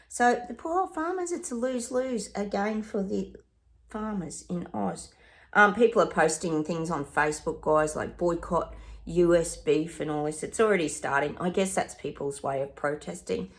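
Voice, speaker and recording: Chatty Australian woman, lowish voice. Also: animated, normal speed. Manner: chatty, exasperated, addresses viewers as guys. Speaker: psychic vlogger. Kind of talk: casual opinion chat to viewers.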